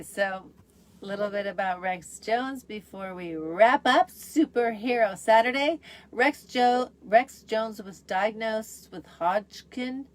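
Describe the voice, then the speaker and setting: A woman's voice: medium pitch, slight background noise. A middle-aged woman hosting her own show, talking in an upbeat, chatty way with lots of fillers. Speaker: host. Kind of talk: casual solo show.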